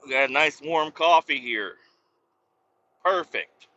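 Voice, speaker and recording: A man hosts his own podcast from the cab of a work truck, talking in a loose, rambling way with plenty of cursing and abandoned sentences. His voice is bright and a little tense. The recording sounds dull and lo-fi. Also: a little high, expressive, slow. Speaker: podcast host. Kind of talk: casual rambling chat.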